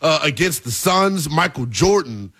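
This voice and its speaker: A young man in his twenties hosts a sports talk show with emphatic, hyped energy. His voice sits high and bright, swinging widely in pitch as he punches his points home. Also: lively intonation, unhurried, husky, faint music behind. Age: 20s. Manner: emphatic, hyped, shouting at peaks. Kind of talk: animated sports talk commentary.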